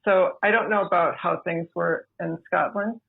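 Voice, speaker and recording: A woman, a podcast guest, telling her own story in a measured, deliberate way over a remote line. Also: lowish voice, fairly even intonation, gravelly, slightly rough. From United States. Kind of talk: personal storytelling. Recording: tinny phone-like remote line.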